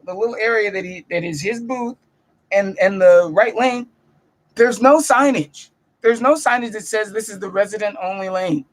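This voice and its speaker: Brief: young comedian vlogging from his bedroom, high voice, animated, cusses freely. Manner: animated, profane, self-mocking storytelling. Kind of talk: casual storytelling vlog. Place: bedroom at home.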